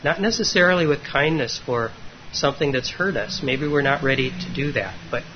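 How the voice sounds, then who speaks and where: Meditation teacher, male, mid-pitched, gentle and halting dharma talk, muffled lo-fi recording with faint hiss. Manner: gentle, unhurried, with frequent hesitations. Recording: dull lo-fi recording with faint noise.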